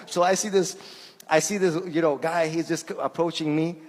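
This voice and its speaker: एक आदमी अनौपचारिक धर्मोपदेश दे रहा है, बोलचाल के अंदाज़ में, शब्द दोहराते हुए और किस्सों में आवाज़ें निकालते हुए; उसकी मातृभाषा फ़ारसी है।. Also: male voice, on the high side, fairly even intonation, moderate pace. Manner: conversational, repeats words while searching, acts out quoted voices. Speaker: shaykh giving a talk. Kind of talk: informal sermon with anecdotes. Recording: long hall reverb.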